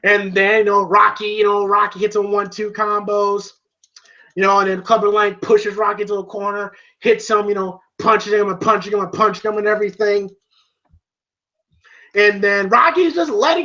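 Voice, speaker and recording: Excitable, swearing male film reviewer. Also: sits high, moderate pace, lo-fi sound. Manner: excitable, profane, heavy on fillers. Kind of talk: casual film review vlog.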